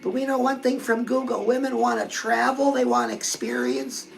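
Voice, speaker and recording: High-pitched gravelly woman giving dating advice, chatty and confiding, calls everyone girl. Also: animated, normal speed, faint music behind, low-quality recording. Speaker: love and dating advice host. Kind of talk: casual advice talk to viewers.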